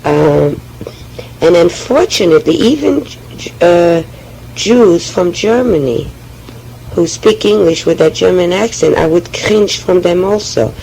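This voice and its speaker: A woman with a French accent, speaking haltingly and often restarting as she tells her personal oral history. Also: on the low side, lively intonation, creaky, warm tone, slight background noise, rough recording. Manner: hesitant, halting, with frequent restarts. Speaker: memoir speaker.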